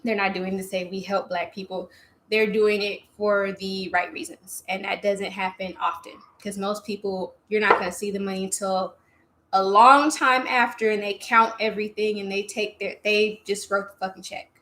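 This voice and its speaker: A woman co-hosting a casual beer tasting chat, blunt, swearing freely and animated. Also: medium pitch, moderate pace, a little hiss or hum. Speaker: co-host of a beer tasting stream.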